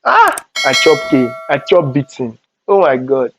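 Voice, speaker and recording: A young man with a Nigerian accent telling animated stories in a storytime vlog, slipping into Pidgin asides. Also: mid-range voice, a little slow. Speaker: vlogger.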